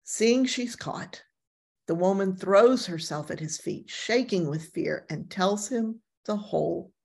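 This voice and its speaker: A woman pastor teaching a gentle Bible class, telling the story with lively emphasis and casual asides. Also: mid-range voice, slow pace, gravelly, husky.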